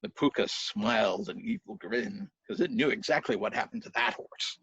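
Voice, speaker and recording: Animated husky male storyteller. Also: mid-range voice, normal speed, no room sound. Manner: animated, with spoken sound effects. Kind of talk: live folk tale storytelling. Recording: dull dry lo-fi recording.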